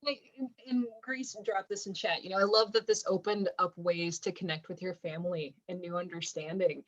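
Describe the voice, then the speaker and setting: A woman hosting a virtual chat, asking questions with many halting restarts. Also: on the low side, fairly even intonation. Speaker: interviewer, fundraiser host. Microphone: video call. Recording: lo-fi video call audio.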